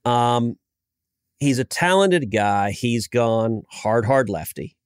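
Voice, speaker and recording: A man's voice: mid-range voice, takes it slowly, clean tone, no echo. Storytelling middle-aged man, dry studio sound. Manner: storytelling, animated, frequent restarts. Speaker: senator, guest. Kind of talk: casual political interview.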